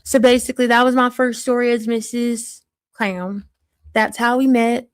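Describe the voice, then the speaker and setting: A woman's voice: on the high side, fairly even intonation, moderate pace, smooth, dry recording, close to an everyday voice. A woman playing a crass small-town mother of three in a put-on Southern country accent, telling a blunt, gossipy story in a live-streamed character monologue.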